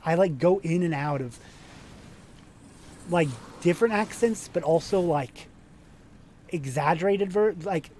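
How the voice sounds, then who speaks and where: A man's voice: a little high, moderate pace, dark tone, a little hiss or hum. A man streaming a video game, chatting casually in a rambling, self-deprecating way with false starts.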